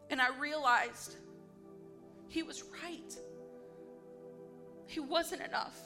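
Woman, devotional testimony, earnest and emphatic, unhurried delivery, soft music behind. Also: sits high. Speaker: speaker giving a testimony.

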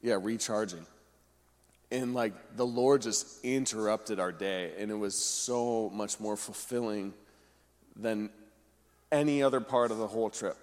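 A man pastor sharing a faith story in an earnest, heartfelt way, pausing to reflect. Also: fairly low pitch, a little mellow, in a large hall. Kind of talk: telling a personal faith story.

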